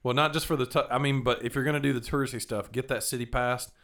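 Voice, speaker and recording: A young man tells travel stories in a rambling, casual chat, restarting sentences and cursing now and then. His medium-pitched voice is steady, a bit bright and rapid-fire.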